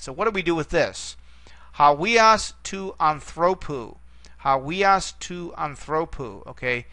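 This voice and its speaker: Recorded in class with a clean tone and no room sound, a middle-aged man teaches Greek grammar in a sharp voice on the high side. He breaks things down step by step and keeps asking "okay?" to check in.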